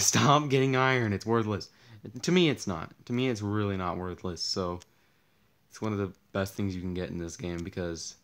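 With a low-pitched, slightly bright voice, a tired young gaming channel host rambles through laid-back Let's Play commentary. His voice is partly lost, he's easily startled, and he keeps teasing himself.

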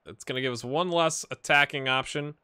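A man giving casual, amused commentary while playing a football management game, getting excited during the action. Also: mid-range voice, brisk, smooth. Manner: chatty, amused, jumps to excited play-by-play. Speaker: gaming YouTuber. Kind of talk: casual let's-play commentary.

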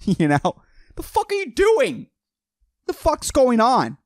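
A man's voice: extremely high pitch, wildly swooping pitch, slow pace, long pauses, no echo. A young man hosting a solo podcast, ranting in a rambling, mocking, profane way and saying "dude" constantly. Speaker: podcast host.

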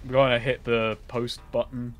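A man's voice: mid-range voice, level tone, normal speed, a loud crowd. A man hosting a casual stream chat, making dry, self-deprecating jokes. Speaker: streamer host.

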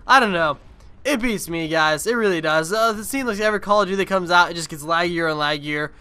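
A man's voice: sits high, fast talker, pushed and bright, clear, resonant tone. A young man giving casual gameplay commentary on his own video, rambling and swearing freely. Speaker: gaming video creator.

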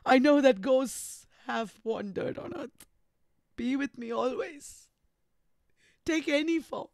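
A woman's voice: high-pitched, expressive, slow pace, creaky, a little mellow, no echo, clean studio sound, voice pushed up, full character voice. A woman with an Indian English accent reading the part of a tormented, grieving man in an impassioned dramatic reading. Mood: anguished.

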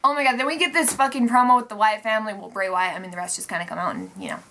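A young woman reviewing a wrestling show in a casual vlog, excitable, sarcastic and freely swearing. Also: medium pitch, racing, music in the background. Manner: excitable, sarcastic and profane, with lots of "like" and "oh my god".

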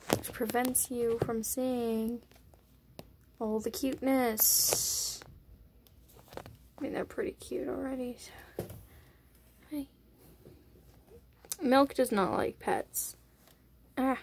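High-voiced woman coaxing her pet rats. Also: fairly even intonation, slow pace, vocal fry, long pauses, a little mellow, slight background noise. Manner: coaxing, chatty, giggly. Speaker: pet vlogger. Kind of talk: casual vlog talking to pet rats. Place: indoors at a rat cage. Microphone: phone held up while filming.

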